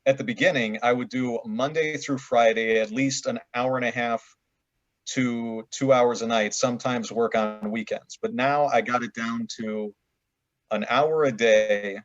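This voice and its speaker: A man's voice: medium pitch, dry recording. A man, an audiobook narrator, talking casually as a guest in an easygoing storytelling manner. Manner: easygoing storyteller, some stammered restarts. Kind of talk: casual interview chat. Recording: dry, dull lo-fi call audio.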